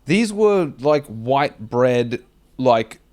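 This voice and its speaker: Animated, profane man telling stories. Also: mid-range voice, very slow. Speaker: podcast co-host. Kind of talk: casual comedic storytelling.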